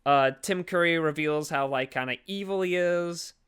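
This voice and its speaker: A man with a bright, crisp voice pitched a little high tells a movie's story in a loose, rambling way. He keeps throwing in fillers and quick acted-out lines for the characters. It has the relaxed feel of a podcast co-host recapping a film.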